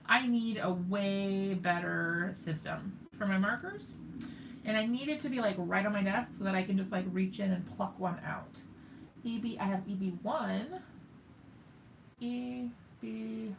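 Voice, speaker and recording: A woman's voice: medium pitch, slow, gravelly, pauses often, slight background noise. A woman hosting a live crafting stream, chatting with viewers and thinking aloud as she works, often joking at her own expense. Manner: talks to viewers while working, thinks aloud, self-mocking.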